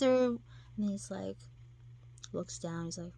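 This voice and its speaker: A woman chatting casually to her camera, rambling and circling back with many fillers and restarts. Her voice sits at an ordinary pitch with a gravelly, creaky edge. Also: moderate pace, mellow. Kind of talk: casual chat.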